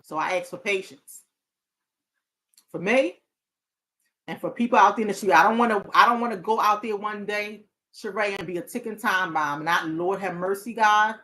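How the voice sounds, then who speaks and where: A woman's voice: medium pitch, normal speed, a bit bright. Earnest woman therapist hosting a talk show. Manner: earnest, repetitive restarts, bursts of laughter. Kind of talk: casual heartfelt talk.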